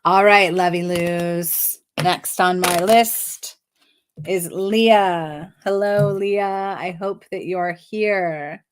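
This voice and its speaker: A woman's voice: fairly low pitch, steady tone, extremely slow, a little hiss or hum. A woman giving live numerology card readings, effusive and giggly, often repeating affirmations. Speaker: numerology reader.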